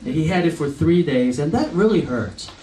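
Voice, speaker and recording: Heard from a distance in an echoey hall with faint noise, this forties-aged eye doctor addresses a company event audience. He tells a slow, chatty story, laughs often, and acts out what people said, in a fairly high, warm voice with lively intonation.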